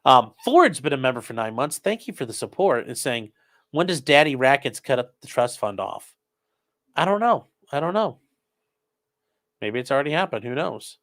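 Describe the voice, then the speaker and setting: A man's voice: medium pitch, very animated, normal speed, fairly bright tone. A man hosting a casual commentary stream, reading viewer messages aloud and answering them sarcastically. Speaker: host reading chat.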